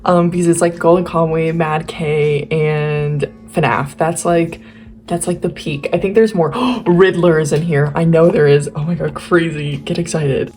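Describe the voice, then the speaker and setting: Her voice is deep and a bit mellow, with fairly even intonation and a moderate pace. She's a young adult artist leafing through her old sketchbooks, giddily rambling in casual commentary, and her voice sounds a little worn.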